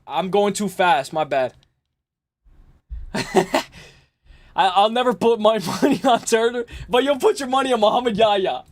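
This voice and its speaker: Excitable high-voiced man hosting a stream. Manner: excitable, laughs often, talks straight to chat. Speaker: livestream host. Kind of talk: casual live-stream chat.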